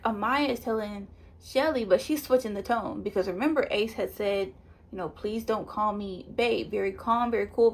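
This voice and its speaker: A woman giving a chatty, animated recap of a reality show, acting out the people she quotes. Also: a little high. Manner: chatty, animated retelling with quoted voices and laughs. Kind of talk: casual spoiler review.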